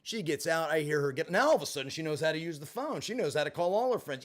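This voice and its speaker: Fast and fairly high-pitched, barely pausing, a man rattles off a personal story in his vlog. He's animated and expressive, swearing freely and adding sarcastic asides.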